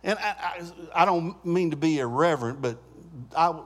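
A man's voice: a little high, lively intonation, moderate pace, fairly bright tone. A man teaching a Bible study class in a conversational way, stopping to ask the group questions and often restarting his sentences.

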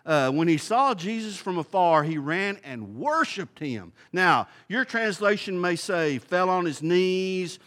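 A man's voice: sits high, sing-song, unhurried, hardly any pauses, a bit bright. A man teaching a Bible study in a folksy, conversational way, thinking aloud and posing questions to the group.

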